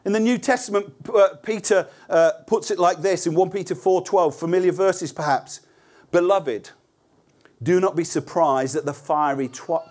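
A man's voice: a little high, a little mellow. A man preaching a sermon in an earnest, conversational way, asking rhetorical questions and restarting words as he goes.

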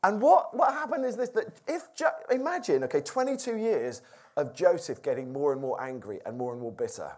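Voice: mid-range voice, very animated, fairly quick, darkish tone. A preacher teaching a Bible passage informally to a group, reading aloud and asking the audience questions in a conversational way.

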